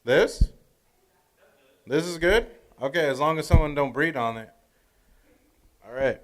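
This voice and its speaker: A man's voice: fairly high pitch, a little slow. A man hosting, checking his microphone before a stream, repeating test lines in a loose, joking way. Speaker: host. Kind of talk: casual mic check before a livestream.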